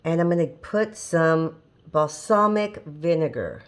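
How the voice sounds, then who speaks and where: A woman's voice: deep voice, expressive, a little slow. A woman hosting a home cooking show, talking through a recipe step by step in a chatty, homey way and often laughing at herself. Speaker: home cooking channel host. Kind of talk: casual cooking demonstration. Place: home kitchen.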